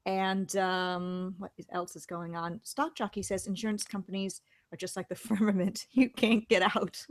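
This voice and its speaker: A woman of middle pitch hosts a casual online show. She chats freely and reads viewer comments aloud. The recording is dry and close. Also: flat delivery, normal speed, no room sound. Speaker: host. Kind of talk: casual chat, reading live chat.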